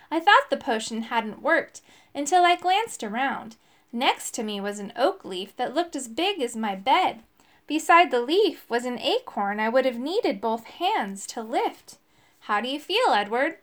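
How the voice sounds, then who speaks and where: A woman's voice: high voice, fairly bright tone. A woman reading a children's story aloud, giving each character a voice.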